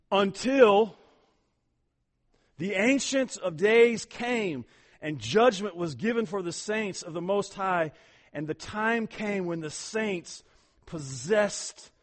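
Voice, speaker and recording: Animated male preacher, higher voice. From Ohio. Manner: animated storytelling, swings from loud emphasis to hushed near-whisper. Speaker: pastor. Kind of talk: sermon.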